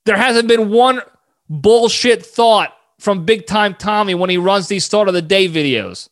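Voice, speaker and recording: A man hosting a solo podcast who rambles in an animated way, often cutting himself off mid-thought. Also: sits high, unhurried. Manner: rambling, animated, self-interrupting. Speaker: podcast host.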